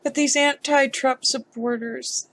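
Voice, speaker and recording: A woman vlogger giving emotional commentary on a news story, upset and halting, with sighs. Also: high-pitched, steady tone, fairly bright tone.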